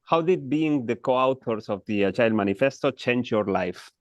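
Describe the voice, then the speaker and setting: A man's voice: medium pitch, lively intonation, moderate pace. A man relays audience questions to the panel, brief and polite. His audio is dull and muffled, and it sounds dry, with no room echo. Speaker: moderator collecting questions. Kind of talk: casual panel conversation.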